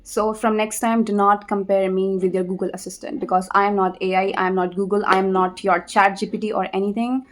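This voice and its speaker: A woman's voice: medium pitch, little pitch movement. Indian woman, chatty and repetitive. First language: Hindi. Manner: repetitive, conversational, frequent tag "okay?", pauses to think. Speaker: vlogger. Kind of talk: casual advice vlog.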